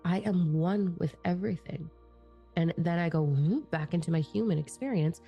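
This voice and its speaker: A middle-aged woman spiritual teacher speaks in a casual, profane monologue, fired-up and blunt. Her voice sits low, with a gravelly fry and a warm, mellow tone. Faint music plays underneath. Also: normal speed.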